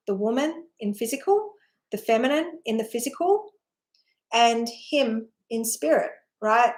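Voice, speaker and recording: A woman with a slightly high voice talks through deeply personal spiritual experiences. She rambles earnestly, sighing, leaning on "like" and asking "right?" as she goes. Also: animated, unhurried. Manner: rambling, heartfelt, peppered with "like" and "right?"; earnest, emotional storytelling with sighs. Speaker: spiritual teacher.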